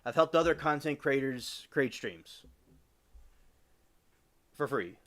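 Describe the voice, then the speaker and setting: Man reading aloud haltingly on stream. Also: medium pitch, lively intonation, fairly bright tone. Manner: halting reading, stumbles over words. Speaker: livestream host.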